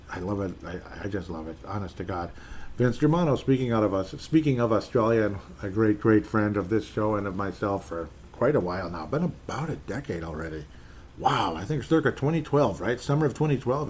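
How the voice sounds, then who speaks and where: With a fairly low, slightly mellow voice, a man in his forties runs a one-person sports podcast. He rambles chattily through listener messages, frequently fixing his words partway through a sentence, and there's faint noise in the background.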